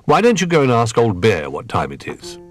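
A man voicing Bramwell, a knowledgeable, patient male toy bear who explains things gently, in a storybook reading. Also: medium pitch, wildly swooping pitch, a little fast, soft background music. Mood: thoughtful.

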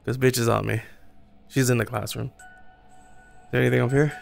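A man streaming a horror game, talking to himself in casual commentary, swearing and jumping to a high squeal when startled. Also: fairly even intonation, brisk, gravelly, faint music behind. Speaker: gaming streamer.

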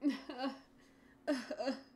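Woman gamer streamer, high-ish voice, unhurried, swears a lot, chats to her pets. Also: fairly even intonation, darkish tone, a little hiss or hum. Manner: chatty, swears often, talks to her pets. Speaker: gaming streamer. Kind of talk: casual livestream chat. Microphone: headset.

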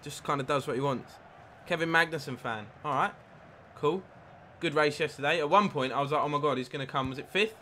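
A man live-streaming a football video game, commentating his own play, reacting loudly to chances and thanking new followers. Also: a little high, a little fast, slight background noise. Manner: excitable, swears at the game, reads out followers. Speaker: gaming streamer. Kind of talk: live gameplay commentary with chat.

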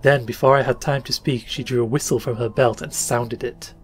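A man narrating an old short story for a podcast in a measured, even reading. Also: medium pitch. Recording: faint music bed under voice.

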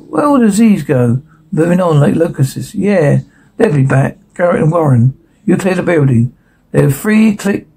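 A man with a gravelly, husky voice, pitched a little high, reads a screenplay straight through, speaking every character and every sound cue. The voice stays mellow and close to his own throughout, and the reading is plain, with stumbles and restarts. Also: rough recording. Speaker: radio show host reading a screenplay. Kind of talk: reading a TV script aloud, sound cues included.

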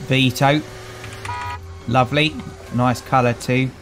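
A man's voice: mid-range voice, fairly even intonation, slow pace, fairly bright tone, a little hiss or hum, poor audio. Chatty British man doing game commentary. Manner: chatty and wry, greeting game characters. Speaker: gaming channel host. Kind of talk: casual let's-play commentary.

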